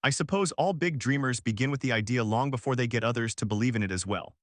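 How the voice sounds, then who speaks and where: A man's voice: medium pitch, quick pace, no echo, studio quality, close to an everyday voice. A man voicing a cheerful, determined male educator in an audiobook. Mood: passionate. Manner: cheerful, passionate.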